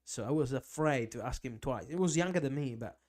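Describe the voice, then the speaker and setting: A man's voice: medium pitch, animated, a little fast, darkish tone. A middle-aged man from Italy, a guest chef telling stories in a casual podcast chat and laughing easily.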